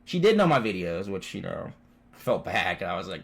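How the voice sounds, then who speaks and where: A man's voice: low voice, moderate pace, vocal fry. A man vlogging from home, telling rambling stories full of swearing and constant "dude"s. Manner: animated, swears constantly, says "dude" often. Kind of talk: profane casual storytelling.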